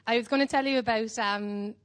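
A young Irish woman doing standup on a club stage, telling a whimsical, rambling story in a deadpan way, with lots of ums. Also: fairly high pitch, brisk. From Ireland. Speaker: standup comedian. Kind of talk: live standup set.

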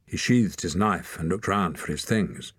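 A man's voice: deep voice, unhurried, a bit bright, husky, no room sound, studio quality. A man narrating a story as an audiobook reader, reading expressively. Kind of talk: scripted narration.

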